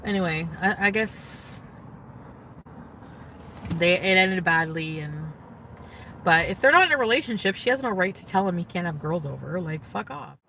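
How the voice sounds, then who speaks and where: A woman's voice: lowish voice, animated, moderate pace, creaky, pauses often, pushed and bright, slight background noise. A young woman talking casually to her viewers as an influencer, rambling with lots of "like" and restarts. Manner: rambling, full of "like" and trailing restarts. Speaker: social media influencer. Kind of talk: casual livestream chat.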